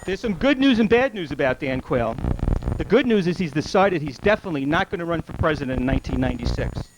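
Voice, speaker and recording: A man's voice: on the high side, lively intonation. A man doing a stand-up comedy set on a club stage, firing off one-liners and briefly putting on voices for the people in his jokes. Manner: rapid one-liner delivery, quick voices for characters in the jokes. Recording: noisy old club video recording.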